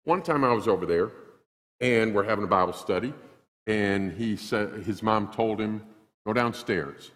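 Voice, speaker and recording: A male pastor preaching a sermon in a church, emphatic and animated, acting out little scenes. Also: on the low side, normal speed, in a large hall. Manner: animated, acts out quotes, emphatic repetition. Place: church sanctuary.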